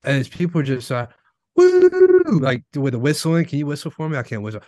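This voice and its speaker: A man's voice: medium pitch, fast talker, no room sound, studio quality. A man chatting casually, rambling storyteller with lots of filler words. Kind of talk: casual chat.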